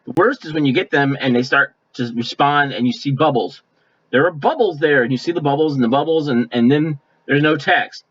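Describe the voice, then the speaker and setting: A male pastor preaching a sermon in a folksy, conversational way, now and then mimicking offended people in quick asides. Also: fairly high pitch, animated, a bit bright. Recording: dull lo-fi sound.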